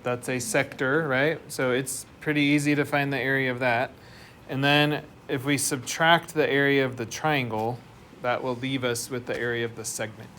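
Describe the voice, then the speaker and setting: A man's voice: medium pitch, fairly even intonation, moderate pace, few pauses, fairly bright tone. Male math teacher, mid-range voice, patient step-by-step lecturing, classroom noise audible. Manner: explains step by step, asks the class questions. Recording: noisy classroom recording.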